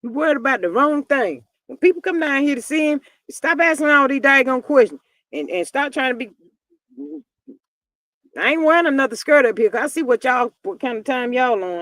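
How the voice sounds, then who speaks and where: A woman's voice: fairly high pitch, fairly bright tone, no echo. An older woman hosting a casual celebrity gossip stream, chatty and drawling as she talks to her viewers. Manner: chatty and drawling, acts out quoted people in voices.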